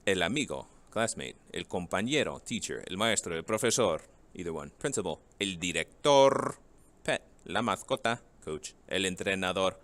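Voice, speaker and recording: A man's voice: sits low, animated, normal speed, fairly bright tone. A man teaching a Spanish vocabulary lesson, reading each English word and then its Spanish match, and asking the class rhetorical questions.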